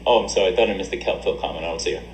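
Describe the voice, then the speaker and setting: A man's voice: low-pitched, racing, vocal fry, roomy sound, a little hiss or hum, poor audio. A man livestreaming and reading chat aloud, joking crudely and laughing often into a desk mic. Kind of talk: casual stream banter. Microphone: desk USB mic.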